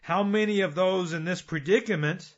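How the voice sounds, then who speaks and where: A man's voice: sits high, normal speed, lo-fi sound. A man preaching a sermon, earnest and building his points with repeated phrases and rhetorical questions.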